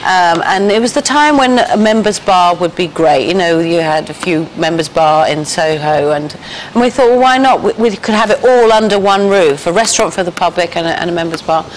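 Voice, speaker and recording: A woman's voice: on the low side, lively intonation, fairly quick, a little hiss or hum, poor audio. A woman in her forties with a London accent, a guest on a talk show, answering in a hesitant way with many ums and restarts. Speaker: actress guest.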